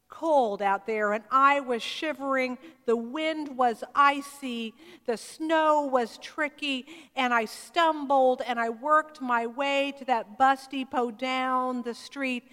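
A woman's voice: sits high, a bit bright. A woman preacher telling a story in a sermon, acting out the dialogue as she goes. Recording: long hall reverb.

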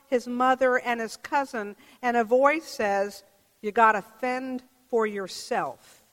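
A woman pastor giving a sermon in a church, reflective and measured, asking the congregation questions. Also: high-pitched, a bit bright. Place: church sanctuary. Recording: long church reverb.

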